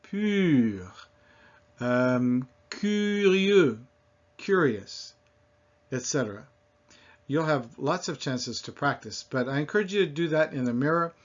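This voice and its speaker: A man teaching French pronunciation, slowly modeling sounds for learners to repeat. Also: mid-range voice, lively intonation. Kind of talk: pronunciation lesson. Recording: dull lo-fi recording.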